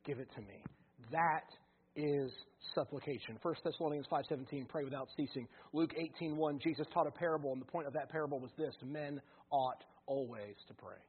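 A man preaching a sermon as pastor, moving from loud fervent stretches to quiet, intimate asides. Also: fairly high pitch, a little fast, slightly rough. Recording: phone-like narrow band.

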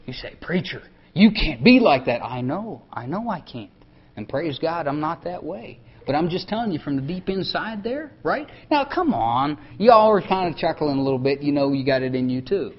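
Conversational preacher, dull lo-fi sound. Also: male voice, on the high side, sing-song, normal speed. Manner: conversational, drops to soft tones for emphasis. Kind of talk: sermon. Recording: dull lo-fi recording.

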